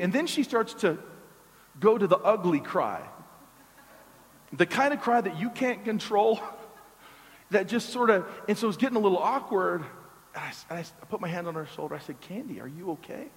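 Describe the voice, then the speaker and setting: A man's voice: high-pitched, expressive, normal speed, pauses often. A man preaching as a pastor, telling a story conversationally with joking asides and repeated words. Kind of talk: storytelling sermon. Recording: long reverb of a large hall.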